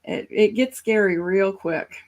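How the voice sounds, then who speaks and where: A woman's voice: medium pitch, a little slow. Conversational female talk show co-host. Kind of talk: political talk show discussion.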